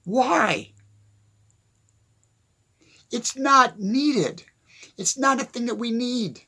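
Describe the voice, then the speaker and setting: Tired gravelly man, earnest monologue. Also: very high voice, animated, pushed and bright. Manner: halting, repeats phrases, restarts often. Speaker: speaker on philosophy.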